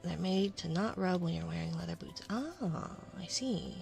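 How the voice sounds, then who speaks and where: A woman streamer chatting casually in an ASMR stream, rambling and often dropping into a soft whisper. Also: lowish voice, animated, moderate pace, gravelly, faint music behind. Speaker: VTuber streamer.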